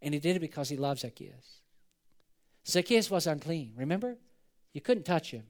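A man with a high voice delivering a sermon. He preaches with animation, swelling loud for emphasis and then dropping to a hush. He acts out the people in the story in quoted voices. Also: expressive, moderate pace. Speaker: pastor.

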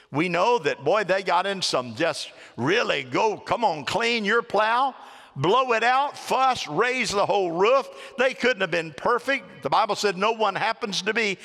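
A male pastor preaching a sermon, lively and dramatic, stretching phrases and acting out little voices. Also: high voice. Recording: long reverb of a large hall.

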